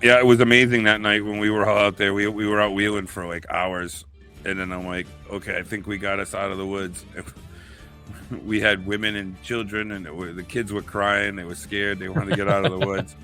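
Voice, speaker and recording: A man's voice: lowish voice, brisk, faint music behind. A man co-hosting a podcast, telling a story casually and acting out the quotes. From New England. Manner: animated storyteller, acts out quotes. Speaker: podcast co-host.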